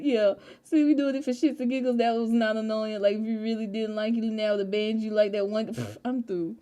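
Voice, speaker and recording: A woman streaming a game from home, chatting casually with her viewers in an animated, slangy way. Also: on the high side, normal speed. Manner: animated, slangy, bursts into laughter.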